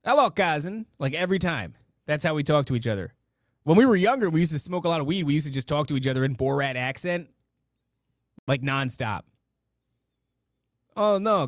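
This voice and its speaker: A man with a high-set voice hosts a casual live stream, playful and jokey as he reads out donations. He stumbles and restarts over the numbers. The sound is dry and close. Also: no room sound. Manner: playful, jokey, with repeated silly catchphrases; stammers and restarts while reading amounts. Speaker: podcast host reading out donations.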